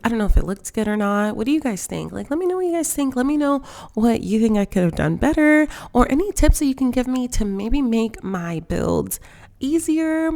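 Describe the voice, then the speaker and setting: Talking casually over game footage, a Sims vlogger in her twenties sounds emotional and near tears. Her voice is gravelly, darkish, a bit high and very animated, and she speaks briskly, self-consciously, with plenty of filler.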